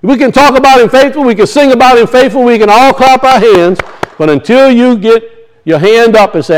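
A middle-aged male pastor with a strikingly high voice preaches a sermon, speaking a little fast. He repeatedly challenges the congregation with rhetorical questions, letting his emphasis rise and fall. The audio quality is poor.

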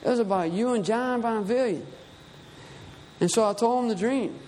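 A man's voice: very high-pitched, normal speed, darkish tone. Male preacher, conversational storyteller rising to emphatic peaks; reverberant hall, faint room noise. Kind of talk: sermon.

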